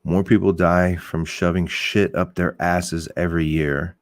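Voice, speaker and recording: Middle-aged male podcast host, very low voice, blunt and rambling, swears freely, dry close recording. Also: level tone, a little slow, hardly any pauses, no echo. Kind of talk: casual opinionated talk.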